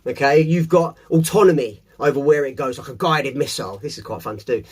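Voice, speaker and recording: A man's voice: medium pitch, brisk, breathy edge. A man talking casually to camera in a motivational monologue, swearing often and playful. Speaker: host.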